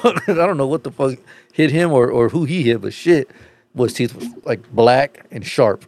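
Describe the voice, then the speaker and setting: A man's voice: medium pitch, moderate pace, a little mellow, no echo. A man co-hosting a podcast, telling a story casually with lots of swearing. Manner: profane storytelling, laid-back. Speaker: podcast co-host.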